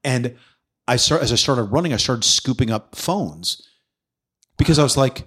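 Animated, swearing male podcast host. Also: mid-range voice, moderate pace, long pauses, husky. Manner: animated storyteller who acts out quoted voices, swears freely. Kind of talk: casual podcast conversation.

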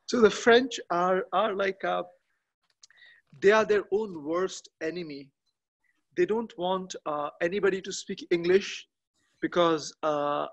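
A man chatting as a podcast guest from a garden outdoors, halting and often restarting as he searches for words. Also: high voice, fairly bright tone. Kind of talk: casual interview chat.

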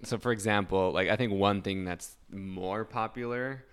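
A woman hosting a podcast who asks short questions and gives steady, supportive backchannels. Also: extremely low pitch, moderate pace, smooth. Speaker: podcast host. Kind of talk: interview questions.

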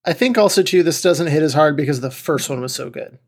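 Relaxed rambling podcast co-host man. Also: on the high side, brisk. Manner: relaxed, filler-heavy riffing. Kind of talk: casual chat.

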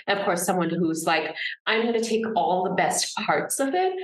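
A woman with an American accent speaks as a guest on a video call, earnest and animated, her voice sitting on the low side. She often restarts mid-sentence as she works through a thought. The sound is roomy and echoey. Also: moderate pace. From Singapore. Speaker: author, guest. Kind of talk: conversational interview.

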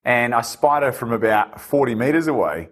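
A man, an animated and self-deprecating storyteller in casual conversation. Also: medium pitch, normal speed.

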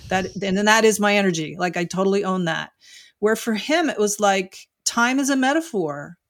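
A woman's voice: medium pitch, lively intonation, normal speed. A middle-aged woman, an author and marriage coach, talking frankly and reflectively as an interview guest, often saying "you know" and "like". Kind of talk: candid interview conversation.

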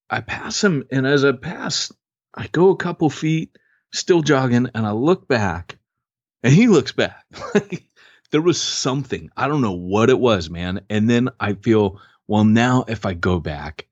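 A man co-hosting a podcast, telling a story in a casual, excitable way. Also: medium pitch, a little slow, dry recording, dull audio. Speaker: podcast co-host.

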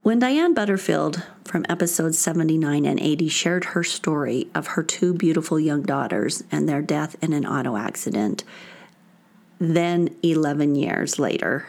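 Low-voiced woman podcast host. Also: lively intonation, normal speed, vocal fry, a little mellow. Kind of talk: podcast narration and interview.

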